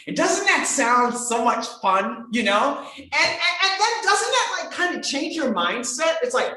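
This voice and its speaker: A woman voice coach in conversation on a podcast, emphatic and animated, swinging between bright exclamations and soft earnest asides. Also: sits high, measured pace, hardly any pauses. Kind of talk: enthusiastic conversational podcast talk. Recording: very echoey room.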